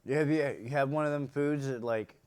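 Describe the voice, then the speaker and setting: A man's voice: medium pitch, steady tone, a little fast, a little mellow, smooth. A man from Western Pennsylvania co-hosting a casual talk show, laid-back with short replies. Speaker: co-host. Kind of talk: casual chat.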